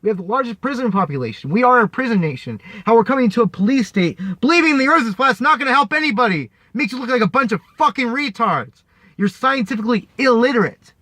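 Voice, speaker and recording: Angry ranting man, high voice. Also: animated, quick pace, sharp tone, no room sound. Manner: heated, profane, repetitive, mocking. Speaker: vlogger.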